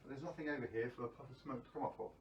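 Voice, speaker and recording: A man's voice: mid-range voice, racing, distant mic, a little hiss or hum. A man hosting a live magic stream, chatting casually to viewers with lots of ums and restarts.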